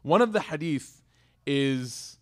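A man in his thirties giving a casual sermon at a mosque, teaching with personal stories, conversational asides and quick restarts. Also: on the high side, lively intonation. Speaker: imam teaching a weekly class.

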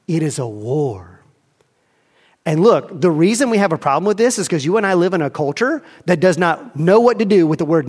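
A man's voice: high-pitched, long reverb tail. A man preaching a sermon as a pastor, asking emphatic rhetorical questions and acting out inner dialogue.

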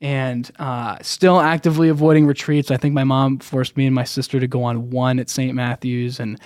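A man's voice: medium pitch, flat delivery, normal speed, a little mellow, no echo. Young man, podcast guest, earnest storyteller, rambling, dry close mic. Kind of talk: personal faith story, casual.

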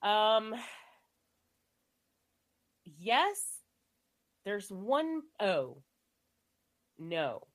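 Still getting over an illness, this woman co-hosts a laid-back movie podcast, laughing often and filling her rambling with fillers. Her voice is mid-range and very animated, with drawn-out words and long pauses.

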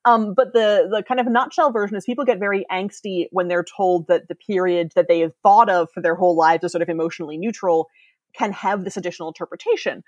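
A woman's voice: fairly low pitch, fairly even intonation, fast, darkish tone, dry recording, lo-fi sound. A woman in her thirties, a podcast guest, explaining ideas eagerly in casual chat and laughing often.

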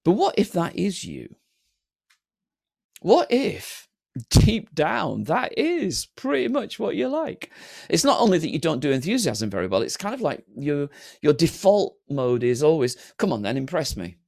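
A man preaching a sermon to an online congregation, animated and humorous, slipping into flat mock-bored voices. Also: fairly high pitch, measured pace, vocal fry. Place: streamed church service.

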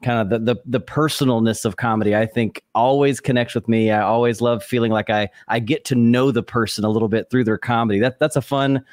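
A man's voice: medium pitch, fairly even intonation, dry recording. Enthusiastic male judge, dry close sound. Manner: enthusiastic, with halting restarts. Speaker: comedy judge giving feedback. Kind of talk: spoken feedback.

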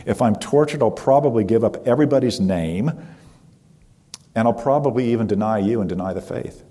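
A man's voice: fairly low pitch, fairly quick, dark tone, close to an everyday voice. A man voicing a frightened devout prisoner woman praying. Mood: pleading. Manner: pleading, then preaching boldly.

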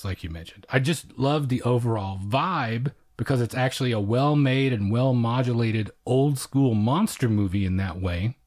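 A man's voice: mid-range voice, darkish tone. A man co-hosting a podcast, chatting casually and wryly about horror films. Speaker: podcast co-host. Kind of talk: casual film review chat.

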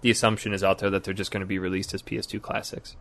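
A man's voice: low-pitched, little pitch movement, racing, creaky, fairly bright tone. A man co-hosting a gaming podcast in loose, joking casual chat, often trailing off mid-sentence. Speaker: podcast co-host.

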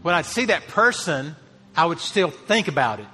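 With a sing-song delivery at normal speed, a male pastor preaches earnestly in a bright, high voice. He lifts his voice to emphasize important phrases, and the sound dissolves into a hall's long reverberation.

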